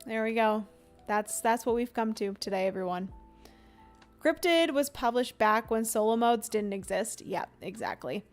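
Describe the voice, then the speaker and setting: A woman's voice: fairly high pitch, expressive, normal speed, soft background music. A young woman streamer chatting casually and giggling as she rambles through a livestream.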